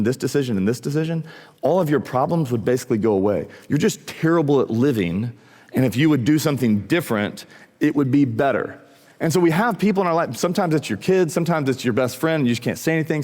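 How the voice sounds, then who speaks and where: A man preaching a sermon as a pastor, in a casual, conversational way, often acting out what people say. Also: mid-range voice. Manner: conversational, animated, acts out quoted voices. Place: church auditorium. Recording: long reverb of a church hall.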